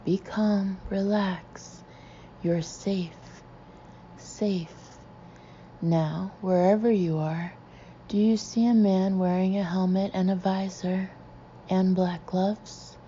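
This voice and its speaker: A woman's voice: medium pitch, fairly even intonation, slow, mellow, slight background noise, lightly acted. A woman reading the part of an anxious male hypnotist, shifting between soothing and stern, in a dull lo-fi recording. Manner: soothing then stern and demanding.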